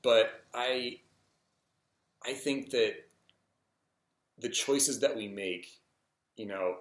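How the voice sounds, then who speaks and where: A man vlogging a personal story in a casual, hesitant way, full of ums and restarts. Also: fairly low pitch. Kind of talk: rambling personal story to camera. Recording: echoey room.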